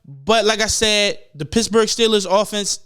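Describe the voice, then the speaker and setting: Young male podcast host, high smooth voice, loose profane rambling sports talk. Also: a bit bright, soft background music. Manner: profane, rambling, mimics people in quick asides. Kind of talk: casual sports rant.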